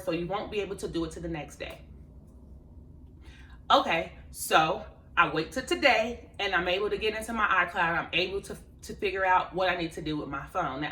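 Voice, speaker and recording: A woman chats to camera as a vlogger, animatedly retelling her day and laughing between quoted asides. Her voice sits a bit low and comes out bright and forceful. The room around her is echoey. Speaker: life coach and vlogger. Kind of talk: casual storytelling to camera.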